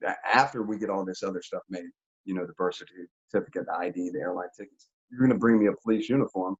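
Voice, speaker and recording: A man telling a story in an interview, in a casual, animated, slangy way with frequent laughs. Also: deep voice, fast talker, breathy edge, dull audio. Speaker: interview guest.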